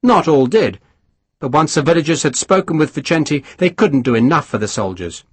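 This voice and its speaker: A husky male narrator reads a historical novel aloud in a measured, expressive way. His pitch moves freely across phrases, and the close studio sound is dry, with no room echo. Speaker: audiobook narrator. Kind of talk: scripted narration.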